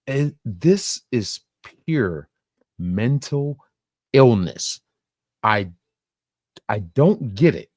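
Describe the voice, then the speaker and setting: Slow, lively-voiced male streamer. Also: on the low side, dry recording, clean studio sound. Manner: profane, laughing, rambling. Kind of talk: casual live-stream reaction.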